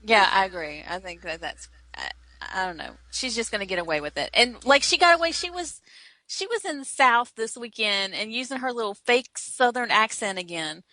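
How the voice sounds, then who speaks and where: Woman from the south, podcast co-host, opinionated, bright, dry room. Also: medium pitch, animated, moderate pace, no echo. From American South. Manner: chatty, opinionated, laughs often. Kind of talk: casual chat.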